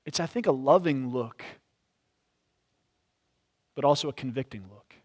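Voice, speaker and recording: In a church, a pastor preaches an expository sermon, speaking reflectively and frequently hedging his points with "sort of." His voice is mid-range and his pace unhurried.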